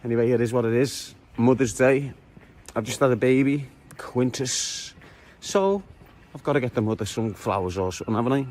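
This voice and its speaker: A man's voice: medium pitch, expressive, moderate pace, a little mellow, slight background noise. A man with a Liverpool accent walking the city streets, talking to his viewers in a cheeky, joking street-vlog style. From Liverpool, England. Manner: jokey, cheeky banter with viewers. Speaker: vlogger.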